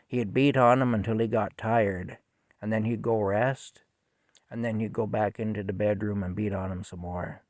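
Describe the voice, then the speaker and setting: A middle-aged man tells a personal story in a halting, rambling way that turns emotional. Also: fairly low pitch, darkish tone, no echo, clean studio sound. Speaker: vlogger telling a personal story. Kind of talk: casual storytelling monologue.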